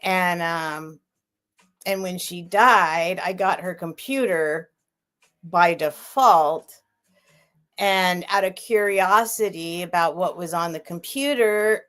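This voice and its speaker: Lower-voiced middle-aged woman rambling on her live sale stream, talks to chat. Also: fairly bright tone. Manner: rambling, restarts and trails off, reads and answers chat. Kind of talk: casual chat on a livestream.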